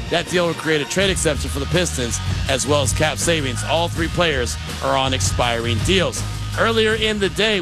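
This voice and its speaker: High-voiced male sports radio anchor. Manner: brisk, steady newsreader delivery. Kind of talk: sports news update. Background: music bed.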